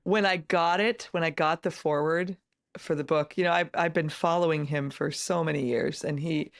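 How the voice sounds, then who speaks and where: Gravelly-voiced middle-aged woman guest. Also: sits low, fairly even intonation, normal speed, no echo, clean studio sound. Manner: emphatic and earnest, with many restarts. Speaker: podcast guest, author and entrepreneur. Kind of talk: casual interview conversation.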